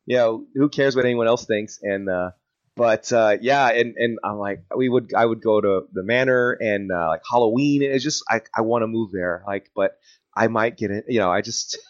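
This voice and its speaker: A man's voice: lowish voice, normal speed. Giggly, rambling male podcast guest. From South Texas. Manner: rambling, many fillers and restarts, giggly. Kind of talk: casual chat. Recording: dull lo-fi sound.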